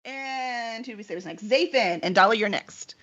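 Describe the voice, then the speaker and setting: A woman running a tabletop game as game master, casual and quick with her asides. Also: fairly high pitch, dull audio. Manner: lively, laughs often, quick asides.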